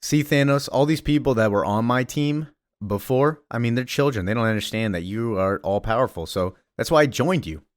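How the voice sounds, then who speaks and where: A man's voice: mid-range voice, lively intonation, a little fast, no room sound, studio quality, lightly acted. A man voicing Iron Man as an eager, boastful inventor in a comic retelling. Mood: smug.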